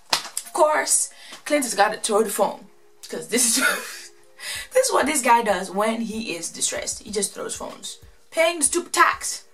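A woman casually recapping and commenting on a reality show, chatty and animated, acting out what the people said. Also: medium pitch. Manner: chatty, animated, quotes people in exaggerated voices.

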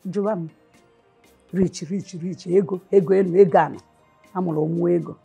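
A woman with a Nigerian accent playing a scandalized mother in a film, scolding in a husky voice. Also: lowish voice, steady tone, brisk, warm tone. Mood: mocking. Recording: film sound with faint music.

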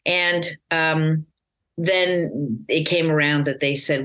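Low-voiced woman telling career stories. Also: measured pace. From United States. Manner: rambling, warm storytelling with many fillers and restarts. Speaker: actress guest. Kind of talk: casual interview chat.

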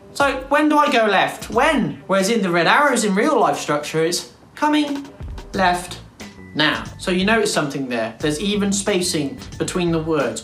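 A woman explains a game technique in a chatty, emphatic way, throwing in blunt slang. Her voice sits at a middling pitch. The room gives it a roomy echo, and faint music plays underneath. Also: fairly bright tone. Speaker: gaming tutorial host. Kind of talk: casual spoken tutorial.

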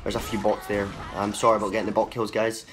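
A young man commentating his own gameplay for his channel, excitable and swearing freely as he talks at the players on screen. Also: lowish voice, fast talker, over music. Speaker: gaming channel host. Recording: game sounds under the voice, clearly audible.

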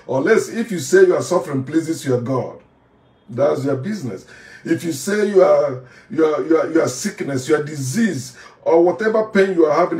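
A man's voice: on the high side, a little mellow. Combative Nigerian man ranting in an echoey room. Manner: preachy, combative, repeats phrases for emphasis. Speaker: former pastor turned online commentator. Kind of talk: heated monologue rant to camera. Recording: echoey room, voice from a distance off the mic.

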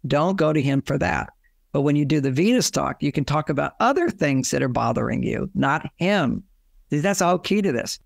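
A man's voice: fairly high pitch, expressive, normal speed, creaky, no room sound, studio quality. A man giving relationship advice as a guest in an interview, rambling and often acting out quoted dialogue.

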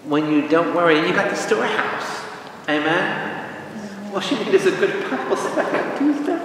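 A man, a priest, leading an informal Bible study, lively and joking, asking the group questions. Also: a little high, measured pace, a little hiss or hum. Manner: jokey, lively teaching with asides and questions to the group. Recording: echoey hall, voice from far off.

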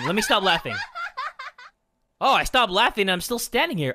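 A man giving excitable let's-play commentary, swearing often and breaking into shouts and laughter. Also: high-pitched, normal speed, pauses often. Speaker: gaming YouTuber.

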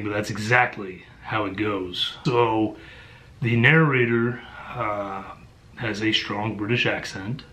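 A man reviewing books in a casual monologue. He talks bluntly and sounds exasperated, with frequent ums and uhs. His voice sits at an average pitch for a man. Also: a bit bright, muffled recording. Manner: blunt, exasperated, with many fillers. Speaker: book reviewer.

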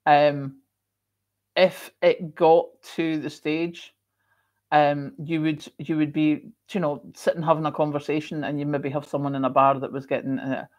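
A middle-aged woman with a Scottish accent, hosting a casual chat and telling stories in an expressive way, with emphatic repeats. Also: low-pitched, unhurried. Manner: chatty and expressive, with emphatic repetition. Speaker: host.

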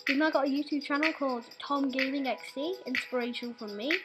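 A woman's voice: sits high, fairly even intonation, fast, over loud music. A young woman, in her teens, hosting a casual gaming video with chatty, giggly, teasing talk. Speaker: gaming channel host.

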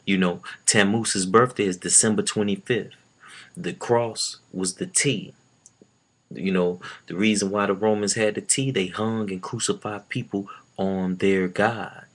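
A man's voice: on the low side, fairly even intonation, a little slow. A man giving an informal Bible teaching, earnest and loose, with many filler words. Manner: earnest, with frequent "you know" fillers. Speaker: preacher.

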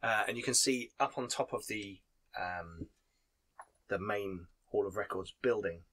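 A man's voice: lowish voice, measured pace, sharp tone. A man narrating a tabletop game as game master, rambling with many fillers and restarts.

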